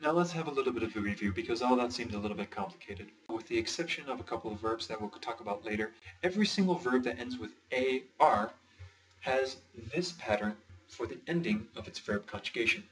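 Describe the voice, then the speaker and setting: A man's voice: mid-range voice, expressive, fairly quick, fairly bright tone, far from the mic, poor audio. A man explaining language grammar step by step in a patient, slightly playful teaching voice. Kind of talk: screen-recorded lesson.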